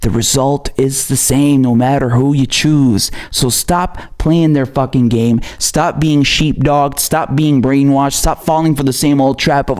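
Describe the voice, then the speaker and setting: A man from outside the United States hosts a political commentary livestream, reading viewer messages and ranting angrily with lots of swearing and laughter. His mid-range voice is a little slow, with few pauses.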